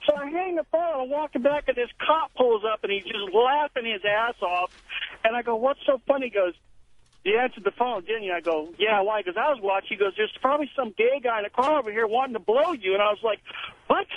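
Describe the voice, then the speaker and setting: A man's voice: extremely high pitch, brisk. A male truck-driver caller telling a story over the phone, acting out the dialogue. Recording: muffled phone line with light noise.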